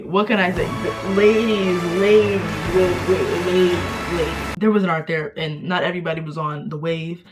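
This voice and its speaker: A young woman vlogging in a casual, playful, self-mocking way, reacting to her old online posts with sudden jumps in pitch and loudness.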